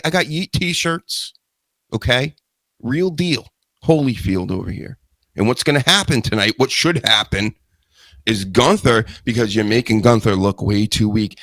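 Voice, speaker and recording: A man's voice: medium pitch, a bit bright, dry recording. A man hosting a live wrestling news show, talking in a rambling, joking way with self-mocking asides. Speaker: host.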